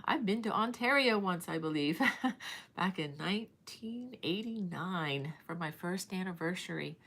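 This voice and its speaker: A woman's voice: low voice, fairly bright tone. A middle-aged woman hosting a casual live stream, chatting in a rambling way and greeting viewers by name. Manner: chatty and rambling, reading viewer comments aloud; many fillers and restarts. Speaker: crochet channel host.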